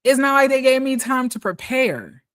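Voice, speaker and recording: A man's voice: very high-pitched, lively intonation, normal speed, fairly bright tone. Exasperated, profane man ranting. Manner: profane, exasperated, repeats phrases. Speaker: streamer. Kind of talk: casual storytelling rant.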